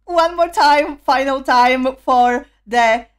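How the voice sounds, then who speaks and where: High-pitched gushing woman fan. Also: slow pace. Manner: gushing, squealing, laughing often. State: losing her voice. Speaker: reaction video host. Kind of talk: excited fan reaction vlog. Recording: concert music and crowd playing loudly behind. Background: fancam concert audio with music and crowd.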